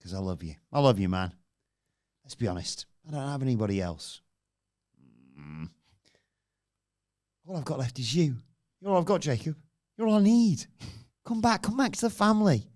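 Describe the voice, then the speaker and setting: A man reenacts a scheming wrestler who coaxes and pleads, voice soft and falsely sincere, his tone swinging between tender hushes and lifted appeals. The read is casual, close to the man's own voice, with a lively rise and fall. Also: mid-range voice, normal speed, long pauses, natural voice. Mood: pleading. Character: a scheming male wrestler pleading for family loyalty.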